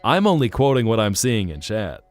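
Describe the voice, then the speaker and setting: A man's voice: lowish voice, very animated, moderate pace. A man streaming live, chatting casually and playfully teasing his viewers as he reacts to chat. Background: faint guitar music.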